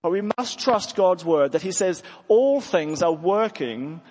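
High-voiced preacher in an echoing hall. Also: male voice, expressive, a little slow, a little mellow. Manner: earnest, with frequent restarts. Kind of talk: sermon. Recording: long hall reverb.

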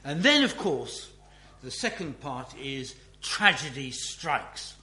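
A man giving a Bible teaching talk as a preacher, in a slow, musing way with many restarts. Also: mid-range voice, sing-song, bright, forceful tone. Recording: echoey room with faint hum.

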